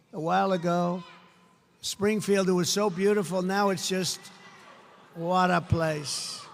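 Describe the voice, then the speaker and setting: Older male rally speaker, high and bright, booming through a long hall reverb with faint crowd hum. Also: gravelly. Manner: repetitive, emphatic, rising to shouted lines. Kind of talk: campaign rally speech. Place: large indoor rally venue.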